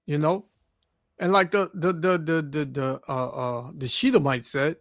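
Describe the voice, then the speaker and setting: A man with a high-pitched voice preaches over news clips. He reads scripture aloud and stammers through his fillers. He ends nearly every phrase with "man". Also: lively intonation, moderate pace, dry recording, clean studio sound. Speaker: street preacher.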